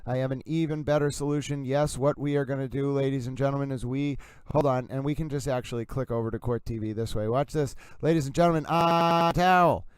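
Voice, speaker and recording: A man's voice: mid-range voice, steady tone, fairly quick, clear, resonant tone, no echo. A man with a Massachusetts accent hosting a livestream, rambling playfully in a mock-grand, announcer-like manner. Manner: announcer-like delivery, mock-grand, keeps addressing "ladies and gentlemen". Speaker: livestream host.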